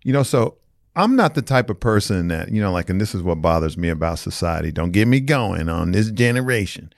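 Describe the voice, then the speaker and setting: Low-voiced rambling male co-host. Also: a little fast, vocal fry, no room sound, clean studio sound. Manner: animated, rambling, jokey. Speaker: podcast co-host. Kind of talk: casual chat.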